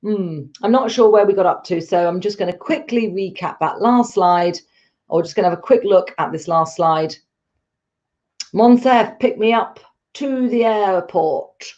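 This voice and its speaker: A woman's voice: mid-range voice, expressive, measured pace, darkish tone, highs cut off. A woman teaching a live online English lesson, patient and encouraging as she explains step by step.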